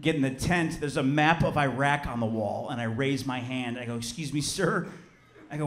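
A man in his thirties from Chicago doing a stand-up comedy set, telling a story with lively acted-out voices and shouted punchlines. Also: medium pitch, moderate pace, echoey room, slight background noise. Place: theater stage before a live audience.

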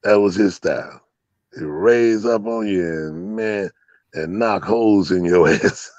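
Profane, rambling man, low voice. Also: a little slow, a little mellow, no room sound, highs cut off. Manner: rambling, profane, laughing storyteller with many fillers. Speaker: interview guest, dog breeder. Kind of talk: casual storytelling interview.

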